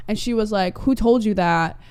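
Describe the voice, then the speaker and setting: A young woman in her twenties, co-hosting a podcast and telling stories in a casual, animated way with many fillers. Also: mid-range voice, normal speed, clean tone. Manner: animated storytelling, lots of fillers and laughs. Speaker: podcast co-host. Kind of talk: casual chat.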